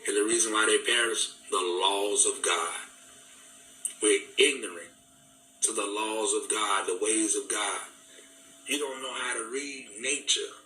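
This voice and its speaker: A man's voice: on the low side, steady tone, a little slow, sharp tone, slight background noise. A man giving an impassioned, preaching talk, fervent and repetitive, in casual vernacular. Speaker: speaker. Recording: echoey room, distant mic, faint music.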